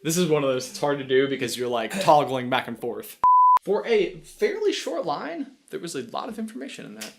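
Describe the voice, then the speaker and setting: A man's voice: mid-range voice, animated, fast talker, creaky, hardly any pauses, slight background noise. A man reading a video script in outtakes, giggling, stumbling and restarting lines, with playful self-mocking asides.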